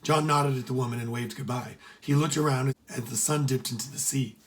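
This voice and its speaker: Man, storybook reading, steady expressive narration, average pitch. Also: fairly quick. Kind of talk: reading a children's adventure story aloud.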